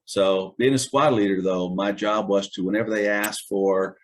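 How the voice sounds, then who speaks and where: A man's voice: lowish voice, fairly even intonation, moderate pace. A man in his seventies, an Army veteran being interviewed, recounting old stories in a wry, chuckling way. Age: 70s. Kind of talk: casual storytelling interview.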